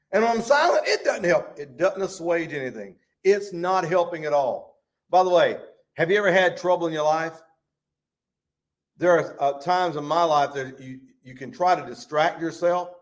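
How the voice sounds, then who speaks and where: A pastor teaching a Bible study. His voice sits fairly high for a man, and he swings from near-shouted bursts to low, quiet asides as he reads verses and turns to the congregation. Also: moderate pace. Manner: animated, rises to shouts and drops low.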